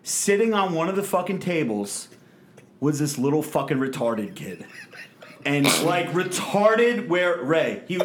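A man's voice: fairly high pitch, a little slow, a little hiss or hum. A young man telling a story on a podcast, swearing constantly and acting out what people said. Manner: profane, animated, acts out quotes. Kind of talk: casual storytelling.

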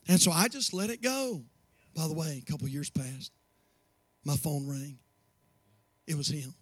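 A man preaching a sermon as pastor, building from low, quiet asides to impassioned shouts. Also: breathy edge, dry recording.

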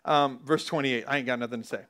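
A man preaching a lively sermon as pastor, reading scripture aloud and laughing at himself now and then. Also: mid-range voice, fast. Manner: energetic, reads scripture aloud and laughs at his own stumbles.

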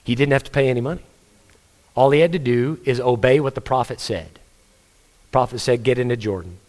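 Earnest pastor preaching. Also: male voice, medium pitch, a little fast, darkish tone. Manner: earnest, conversational preaching with story-telling. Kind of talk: sermon.

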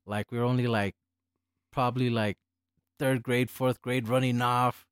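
A man's voice: mid-range voice, little pitch movement, normal speed, clean tone, no room sound, clean studio sound. A man in his forties, a Spanish speaker from birth, from El Paso, chatting casually as a guest, loose and profane with many filler words. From El Paso, Texas. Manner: laid-back, profane, full of filler words. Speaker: guest, hip hop producer. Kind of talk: casual podcast chat.

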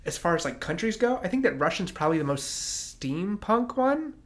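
Man, casual podcast co-host, slightly higher voice, loose and profane. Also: big pitch swings, moderate pace, a crowd in the background. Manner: loose, swears freely, lots of fillers. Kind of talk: casual chat.

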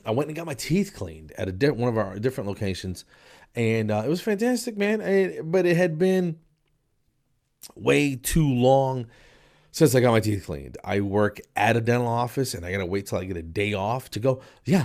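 Medium in pitch with a darkish tone, a podcast host talks on his own show in a relaxed solo chat recorded in a spare room downstairs. Allergies leave him a bit nasal and stuffy as he rambles and jokes, leaning on plenty of fillers.

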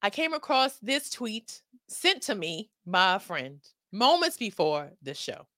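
Lively sassy woman talk-show host. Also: medium pitch, a little slow, no room sound, studio quality. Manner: sassy, emphatic, playful scolding. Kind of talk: casual comedic talk show closing.

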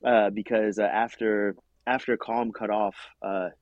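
A man's voice: on the low side, little pitch movement, measured pace, no echo, lo-fi sound. Earnest man in a dry close recording. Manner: earnest, repeats words while building a point. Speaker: podcast co-host discussing a film. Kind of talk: casual chat.

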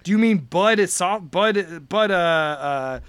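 A man voicing a big, gruff security guard, talking slowly and bluntly. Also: high-pitched, animated, fairly bright tone, no room sound, full character voice. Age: 50s.

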